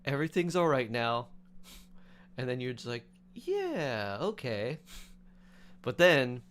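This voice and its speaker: A man streaming, casually retelling a dream in a chatty, animated way with many fillers. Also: mid-range voice, a little hiss or hum.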